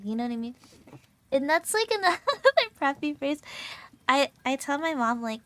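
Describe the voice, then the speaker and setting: A woman's voice: high voice, normal speed. A young adult woman VTuber streamer in casual chat, bubbly and giggly with lots of filler words, her throat a little sore and strained.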